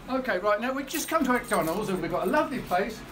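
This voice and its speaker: A woman teasing a fast-food worker at a drive-through in a playful, chuckling manner. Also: medium pitch, expressive, a bit bright, recorded from a distance. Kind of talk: teasing prank chat. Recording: noisy, roomy, from off-mic.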